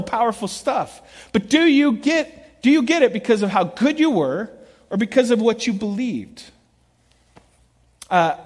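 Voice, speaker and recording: High-voiced animated male preacher. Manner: animated storytelling, shifts between loud acted quotes and quiet earnest asides. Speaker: pastor. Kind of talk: sermon. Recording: long reverb of a large hall.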